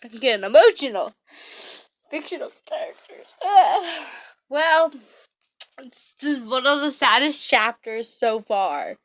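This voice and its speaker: A woman reading fan fiction aloud and reacting emotionally, in halting, gushing speech. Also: high voice, big pitch swings, no echo.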